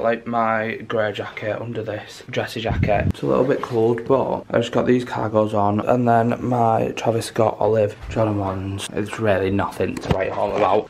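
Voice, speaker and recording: A man's voice: lowish voice, vocal fry, slight background noise. A young man, chatting upbeat to camera in a casual travel vlog on a handheld phone. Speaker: makeup content creator.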